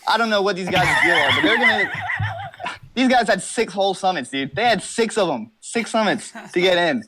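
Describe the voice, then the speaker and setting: A young man with a fairly high voice rambles through a casual interview from his car. He jokes and brags and swears constantly. He comes across as brash and over the top. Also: huge pitch swings, brisk, pushed and bright. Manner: brash, profane, rambling comic boasting. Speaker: interview guest.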